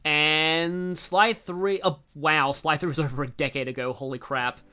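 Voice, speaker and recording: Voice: medium pitch, steady tone, measured pace, pushed and bright. A young adult in their twenties with an Australian accent, chatting enthusiastically through casual game stream commentary, often restarting sentences. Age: 20s.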